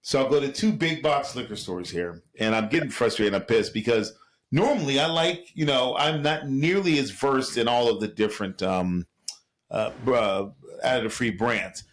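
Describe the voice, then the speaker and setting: A man's voice: medium pitch, expressive, moderate pace. A man co-hosting a podcast, talking bluntly and casually with profanity and stammered restarts. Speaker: podcast co-host. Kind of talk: casual chat.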